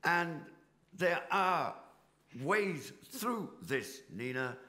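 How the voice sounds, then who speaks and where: Middle-aged British union leader, impassioned debate speech, bright edge to the voice. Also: male voice, fairly high pitch, sing-song, extremely slow. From Britain. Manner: passionate, rhetorical, builds with repetition. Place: conference hall stage.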